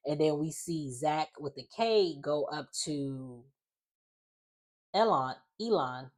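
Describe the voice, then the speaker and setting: Young woman with a low voice rambling through a reality show recap, lots of likes and ums. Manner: chatty, rambling, with many fillers and quoted asides. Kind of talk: casual recap chat.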